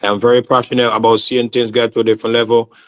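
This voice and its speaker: Speaking very fast, a Saint Vincentian football promoter chats casually as an interview guest. His medium-pitched voice barely moves in pitch, yet he sounds passionate, peppering his talk with "man" and "bro."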